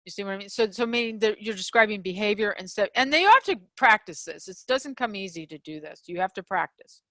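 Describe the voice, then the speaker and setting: A middle-aged woman hosting a relationship show, teaching communication skills in a casual, animated way, with many fillers and restarts. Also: medium pitch, normal speed, dry recording. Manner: animated, acts out quoted examples in a raised voice; frequent fillers and restarts, laughs between points. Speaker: podcast host and relationship coach.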